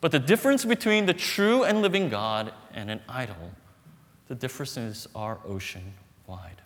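A man's voice: medium pitch, expressive, fairly bright tone. Preaching man in a reverberant hall. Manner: storytelling with humor and dramatic pauses. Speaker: pastor. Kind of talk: sermon. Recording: long reverb in a large hall.

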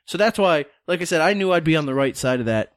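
A man with a slightly high voice, recorded dry and close, tells a long rambling story in easygoing podcast chat. He acts out what people said and swears now and then. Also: animated, quick pace, dry recording. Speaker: podcast co-host. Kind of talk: casual chat.

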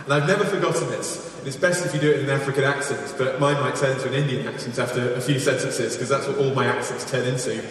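A man preaching a sermon in a large church, earnest and storytelling, dropping to quiet emphasis on key points. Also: medium pitch, fairly even intonation, quick pace, few pauses. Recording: echoey hall from far off.

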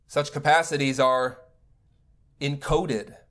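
A man giving a recorded spiritual lecture as a teacher, speaking in a measured, deliberate way. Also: on the high side, steady tone, a bit bright.

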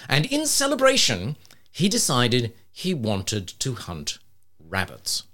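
A man's voice: medium pitch, huge pitch swings, slow, sharp tone. A man co-hosting a casual chat, telling a story with wry asides. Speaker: podcast co-host.

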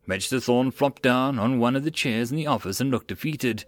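A man narrating a web-novel audiobook in an expressive reading voice. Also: mid-range voice, brisk, hardly any pauses, no room sound.

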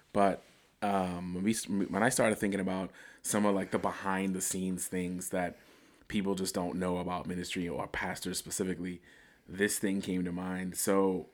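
A pastor hosting a podcast, chatting in a relaxed, measured way. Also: male voice, sits low. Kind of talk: casual chat.

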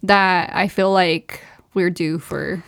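A woman's voice: fairly low pitch, slow, vocal fry. A woman co-hosting a podcast, telling a story in casual chat and acting out what people said. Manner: animated storytelling, acts out quotes, swears casually. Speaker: podcast co-host.

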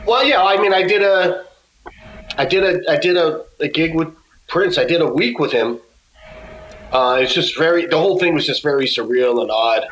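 Halting man telling a story, echoey room. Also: on the high side, a bit bright, a little hiss or hum. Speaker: guest musician. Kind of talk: casual storytelling.

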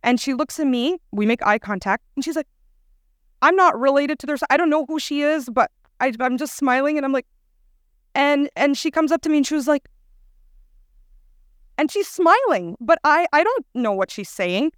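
A young woman giving a casual, storytelling youth sermon as a guest speaker, chatty and animated. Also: sits high, moderate pace, no echo, studio quality.

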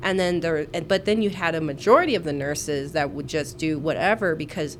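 A woman on a nurse podcast talks in casual chat, blunt and full of swearing, with a lowish voice. She laughs often as she vents about patients. A faint hiss sits under the recording. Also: brisk.

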